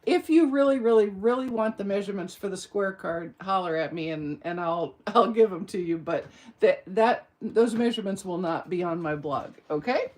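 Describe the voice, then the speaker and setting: A woman's voice: medium pitch, normal speed, a little mellow. Chatty self-mocking woman teaching a craft. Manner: chatty, self-deprecating, rambling asides. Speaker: card-making demonstrator. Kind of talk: casual craft tutorial.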